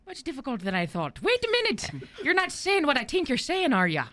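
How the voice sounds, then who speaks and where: A woman's voice: sits high, huge pitch swings, a little fast, a bit bright, heavily acted. A woman acting a doting wife whose put-on accent wanders, giggling through a comedy radio skit. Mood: giggly. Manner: giggles through her lines. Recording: hissy old radio broadcast recording.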